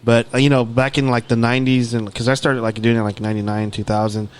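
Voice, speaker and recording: A man co-hosts a podcast in an easygoing, frank chat. He often stumbles and repeats words before he gets going. His voice sits at a middle pitch. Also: flat delivery, fast talker, smooth. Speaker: podcast co-host. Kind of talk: casual chat.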